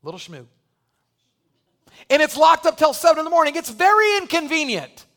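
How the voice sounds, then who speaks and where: A male pastor delivering an impassioned sermon to a church congregation, joking one moment and shouting the next. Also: extremely high pitch, very animated, normal speed. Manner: impassioned preaching that builds to shouting. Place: church sanctuary.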